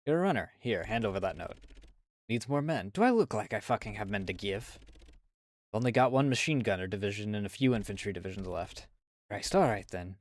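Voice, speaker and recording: A man's voice: on the low side, animated, brisk, close to an everyday voice. A man voicing a harried, curt army officer with a put-on British accent, swearing and snapping orders. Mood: exasperated.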